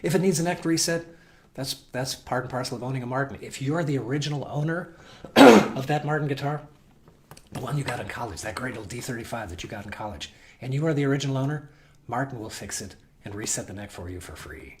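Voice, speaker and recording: A man's voice: mid-range voice, fast. A man hosting a guitar shop's weekly video, talking casually to viewers in a rambling, folksy way with frequent restarts. He is losing his voice and keeps coughing. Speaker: guitar shop host. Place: guitar shop.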